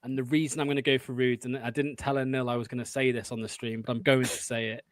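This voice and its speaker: A man's voice: medium pitch, level tone, fast talker, dry recording. A man co-hosting a fan podcast, confident and chatty, with frequent fillers. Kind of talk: casual football fan chat.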